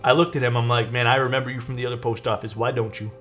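A man's voice: mid-range voice, racing. A young man, a streamer casually telling his chat a story and acting out the people in it. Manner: animated, acts out quoted people. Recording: faint music behind.

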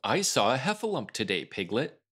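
A young boy in a storybook, as a man reads him, speaking in a careless, offhand way. The voice is only slightly raised from the reader's own, and its pitch moves freely. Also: sing-song, normal speed, fairly bright tone, husky.

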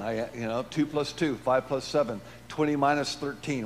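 A man preaching and telling a personal testimony, swinging between loud emphatic lines and hushed low ones. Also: a little fast, few pauses, a little hiss or hum. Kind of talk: testimony sermon.

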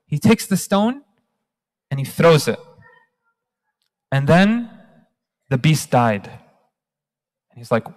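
Animated storyteller man in an echoing hall. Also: on the high side, slow pace, long pauses. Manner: animated, engages the audience. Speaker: guest speaker. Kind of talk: storytelling religious talk. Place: large hall at a community talk night. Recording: long hall reverb.

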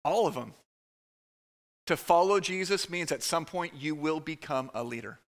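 A man preaching a conversational sermon to his church, with quick asides to the room. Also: on the high side, expressive. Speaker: pastor. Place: church sanctuary.

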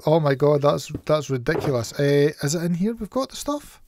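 A man's voice: fairly high pitch, expressive, normal speed, a little hiss or hum. A man with a Scottish accent hosting his gaming channel, chatting casually and playfully while he plays, making little sound effects. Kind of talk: casual game commentary.

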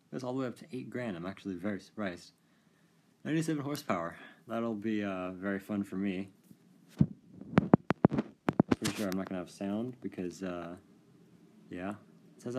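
A man giving casual, amused commentary while playing a racing game, chatty and quick to laugh. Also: lowish voice, darkish tone. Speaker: gaming video creator.

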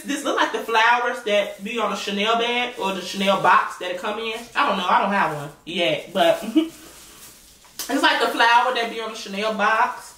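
A woman vlogger chatting casually while she eats, slangy and animated, often repeating herself. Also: a little high. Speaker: mukbang and reaction vlogger. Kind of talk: casual chat while eating. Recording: echoey room, mic at a distance, faint noise.

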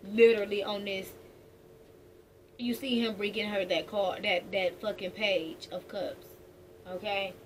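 A woman's voice: medium pitch, steady tone, measured pace. Blunt, profane woman reading tarot. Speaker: tarot reader. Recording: distant mic with background noise.

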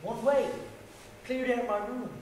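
A man's voice: very high-pitched, fairly even intonation, measured pace, darkish tone, slight background noise. A young man playing a cheeky village lad in a student stage play, chatty and laughing, with a put-on West Country accent. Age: young adult. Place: college theatre stage. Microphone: far camera. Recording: echoey hall from far off.

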